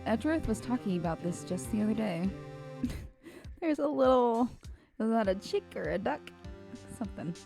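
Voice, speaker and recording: A woman's voice: on the high side, animated, moderate pace, creaky, long pauses, over music. A young adult woman streamer giving casual let's-play commentary, chatty and reading game text aloud.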